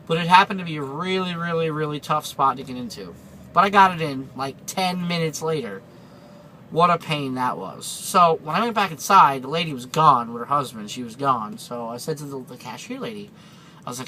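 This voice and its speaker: Male truck driver vlogger, somewhat high, bright voice, rambling casual delivery, faint background noise. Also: expressive, a little fast, rough recording. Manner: rambling, chatty, with many fillers and restarts. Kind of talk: casual storytelling vlog.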